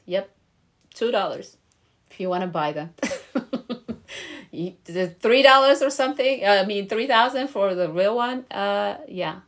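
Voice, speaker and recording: A young woman giving casual, encouraging advice to camera as a lifestyle vlogger. She talks in a bubbly way, with lots of fillers and frequent laughs. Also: fairly low pitch. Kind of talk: casual motivational talk to camera.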